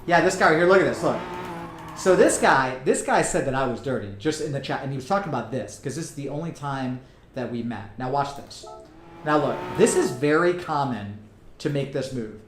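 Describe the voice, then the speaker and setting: A man's voice: medium pitch, expressive, brisk. A man streaming a racing game, chatting casually to viewers and leaning hard on likes and you-knows. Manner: chatty, talks straight to chat, many likes and you-knows. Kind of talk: casual live-stream commentary. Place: home room with racing rig. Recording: roomy sound over game music and engine noise.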